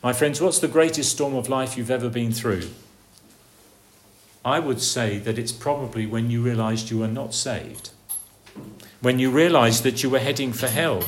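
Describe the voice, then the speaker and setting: A preacher delivering a sermon, posing rhetorical questions and swinging from emphatic peaks down to low, quiet lines. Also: male voice, moderate pace, a little hiss or hum.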